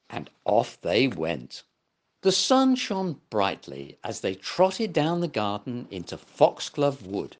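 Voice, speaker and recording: Older male storyteller for kids, very lively pitch, unhurried reading. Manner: warm, very expressive read-aloud delivery. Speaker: storyteller host. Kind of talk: reading a children's story aloud.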